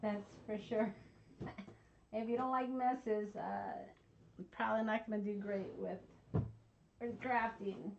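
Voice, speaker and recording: A woman's voice: mid-range voice, fairly even intonation, slow, gravelly, long pauses, dull audio, slight background noise. A woman, chatting casually and teasing herself while crafting at her home desk. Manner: chatty, self-mocking, talks to viewers as y'all. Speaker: craft channel host.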